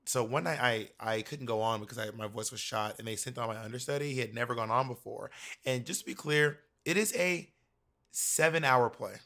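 A man who performs in drag and acts, telling stories in a casual chat over a video call, animated, campy and profane. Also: medium pitch, brisk, creaky. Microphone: remote video call.

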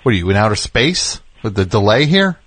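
A man's voice: on the low side, very animated, brisk, fairly bright tone, slightly rough. A man hosting a call-in radio show, sarcastic and riffing with mock exasperation at callers. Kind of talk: casual call-in radio chat.

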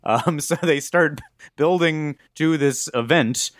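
A man's voice: a little high, slow pace, dry recording, clean studio sound. A man hosting a casual podcast chat, telling a story with fillers and asides. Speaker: podcast host.

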